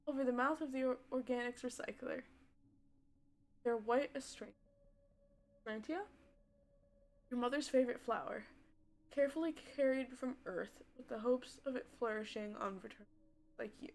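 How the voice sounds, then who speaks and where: A woman streamer reading a story game's text aloud on a live stream, with loud, upset outbursts and swearing between the passages. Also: a little high, normal speed, gravelly, long pauses. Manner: reads narration steadily, then breaks off with loud distressed outbursts and swearing.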